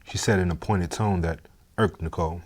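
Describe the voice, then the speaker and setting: A man narrating a story in a steady, measured, scripted way. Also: low-pitched.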